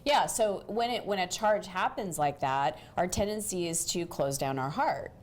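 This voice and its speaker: A woman's voice: on the low side, lively intonation, normal speed. A woman host giving relationship coaching, explaining things and often checking in with "right?".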